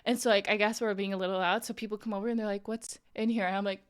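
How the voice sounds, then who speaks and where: A woman's voice: mid-range voice, fairly even intonation, racing, few pauses, smooth. A young woman streamer telling a story in casual chat, rambling with lots of "like" and "um" and laughing often. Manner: chatty, rambling, full of "like" and "um".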